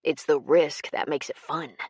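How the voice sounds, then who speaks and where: A woman voicing an adult male con man whose smooth charm turns cold and menacing, in an audiobook. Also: low voice, fairly even intonation, a little slow, darkish tone, dry recording, clean studio sound, pitched below the performer's own voice, exaggerated voice. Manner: fake charm turning cold and cruel.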